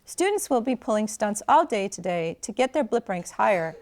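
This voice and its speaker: A woman reading the part of a deadpan young kitchen worker in a novel excerpt, keeping his lines dry and understated. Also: mid-range voice, normal speed.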